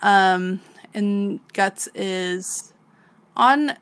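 A woman's voice: mid-range voice, drawn-out words, fairly bright tone, smooth. A woman co-hosting a podcast, casually recapping a manga, laughing often and swearing freely as she acts out the characters. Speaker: podcast co-host.

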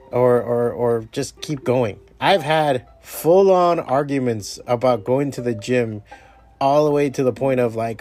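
A man's voice: mid-range voice, a little mellow. A man hosting his own podcast, talking in a casual, rambling, profanity-heavy motivational monologue. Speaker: podcast host.

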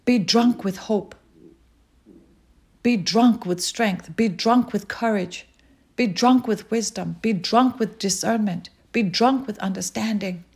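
A woman preaching a sermon, urging listeners with slow, repeated calls. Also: mid-range voice, vocal fry, darkish tone, breathy edge. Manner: slow, repetitive exhortation.

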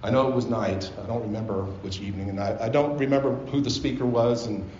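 A man's voice: mid-range voice, fairly even intonation, quick pace, a little mellow, a little hiss or hum. A male pastor preaching in a mid-range voice, telling his story earnestly from the pulpit. The sound is a bit dull and roomy, like a live recording in a church sanctuary, with faint ambience behind. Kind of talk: sermon.

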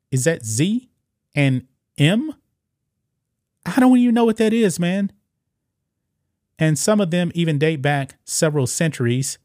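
Give me a man of middle pitch doing casual commentary, reading aloud and reacting in disbelief, recorded dry and close. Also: a little mellow, no room sound. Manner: incredulous, rambling, frequent fillers and restarts. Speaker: commentary video host.

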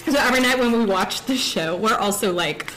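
A woman in her thirties co-hosting a live convention panel, chatty and animated, full of fillers as she tells stories. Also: on the high side, a little fast, slight background noise. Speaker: co-host. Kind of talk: casual live panel chat. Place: convention stage before a live audience.

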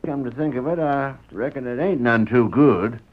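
An actor playing a lazy, sly small-town loafer with a folksy drawl and rustic slang, heard on a muffled old radio broadcast. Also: male voice, medium pitch, moderate pace, natural voice.

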